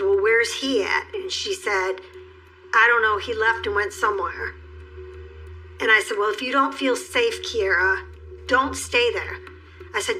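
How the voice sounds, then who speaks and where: A middle-aged woman speaks in a documentary interview with a steady, somber manner. Her voice is bright at a mid pitch. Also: low-quality recording. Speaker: interviewee, mother of the accused.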